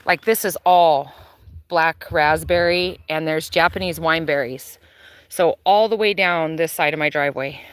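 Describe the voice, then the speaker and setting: Chatty low-voiced woman touring her garden. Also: normal speed, clean tone, no echo. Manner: chatty and relaxed, with frequent fillers. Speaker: gardener showing her property. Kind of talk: casual live-stream chat. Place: outdoors in a backyard garden.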